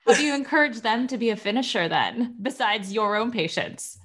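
A woman's voice: fairly high pitch, lively intonation, brisk, fairly bright tone. A woman hosting a podcast interview, asking questions conversationally and laughing easily with her guest. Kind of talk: casual interview chat.

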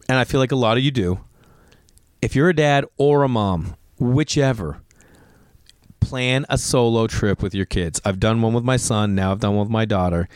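A middle-aged comedian hosts a podcast, talking casually in a rambling, animated way full of restarts and asides. His voice sits in the mid range, and the sound is clean studio audio with no echo.

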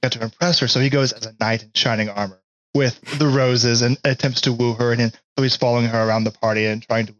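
A man casually improvising a romantic story idea as a podcast co-host, in a measured way. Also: medium pitch, fairly even intonation, a bit bright, dry recording, dull audio.

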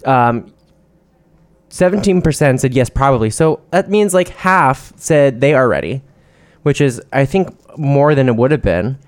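A man's voice: mid-range voice, lively intonation, measured pace, no echo. A man co-hosting a podcast in casual chat, chatty and campy, swearing casually. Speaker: podcast co-host. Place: New York City.

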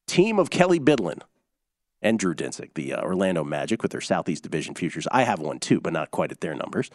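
Lively low-voiced sports betting radio host. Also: male voice, brisk, no room sound, studio quality. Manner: animated, rambling, stacks up scores and stats.

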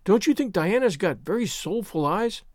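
A man puts on a chatty young orphan girl in a storybook reading, gushing with wonder. The voice sits high and swoops widely, recorded close and dry. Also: expressive, normal speed, dry recording. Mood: excited chatter. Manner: gushing, breathless enthusiasm. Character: chatty imaginative orphan girl, about eleven.

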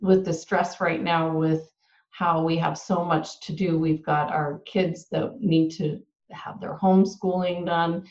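Woman host, measured and thoughtful, lowish voice, echoey room, dull audio. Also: little pitch movement, darkish tone. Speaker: interviewer. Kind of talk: conversational interview.

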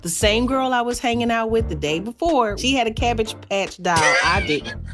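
A woman from Philadelphia in casual chat, telling stories with lively quoted voices. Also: a little high, normal speed, soft background music. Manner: animated storyteller, acts out quoted voices.

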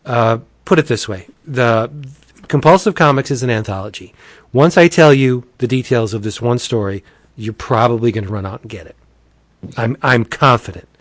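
A man's voice: mid-range voice, moderate pace, dry recording. A man chatting casually as a podcast host, eagerly retelling a comic story with swearing and energy. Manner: animated, enthusiastic, profane storyteller.

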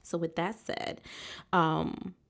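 A woman's voice: on the low side, flat delivery, slow, gravelly, a bit bright. A woman hosting a solo podcast, talking to listeners with uplifting, preacher-like encouragement. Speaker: podcast host.

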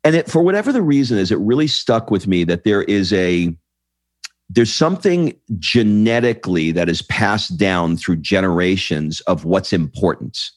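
Man from the US, deep voice, dry close sound, lively storytelling host. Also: moderate pace, no room sound. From United States. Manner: animated storyteller, rising excitedly. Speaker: podcast host. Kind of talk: casual interview chat.

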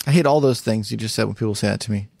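A man hosting a podcast, talking in a casual, animated way. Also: lowish voice, rapid-fire, gravelly, slightly rough, dry recording. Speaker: podcast host. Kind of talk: casual chat.

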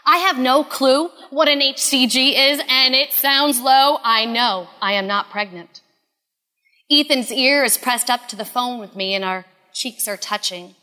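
A woman in her thirties telling a personal story in an earnest, confessional way, often dropping to a hush. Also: sits high, unhurried, big-room sound. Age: 30s.

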